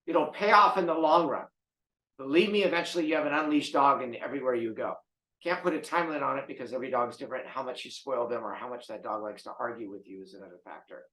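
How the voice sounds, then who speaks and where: A man's voice: medium pitch, fast talker, pushed and bright. A man who trains dogs, talking casually on a podcast in an emphatic way and repeating key words. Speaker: dog trainer. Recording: roomy echo.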